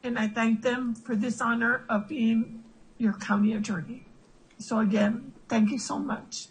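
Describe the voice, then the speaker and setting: A woman speaking as a retiring county attorney, giving an emotional, halting thank-you over a remote connection. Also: fairly high pitch, steady tone, slightly rough, rough recording. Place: remote call into meeting.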